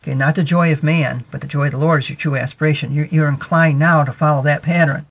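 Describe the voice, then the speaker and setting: A man preaching a sermon, explaining verses in a measured teaching manner, often saying "okay" and repeating his points. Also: on the high side, steady tone. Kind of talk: sermon, verse-by-verse Bible exposition. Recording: dull lo-fi recording.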